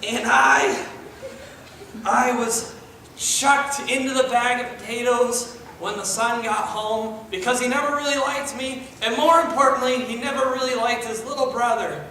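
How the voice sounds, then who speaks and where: A man's voice: very high-pitched, fairly even intonation, a little slow, bright, forceful tone, a little hiss or hum, exaggerated voice. A man as a pompous plastic potato toy. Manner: formal, long-winded storytelling. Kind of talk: improv comedy monologue. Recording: echoey room from far off, live stage.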